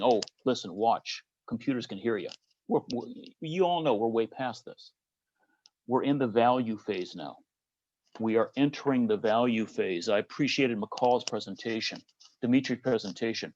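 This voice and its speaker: A man's voice: mid-range voice, darkish tone, lo-fi sound. Midwestern American man giving a keynote. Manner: rhetorical, poses questions to the audience. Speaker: conference speaker. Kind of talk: conference keynote.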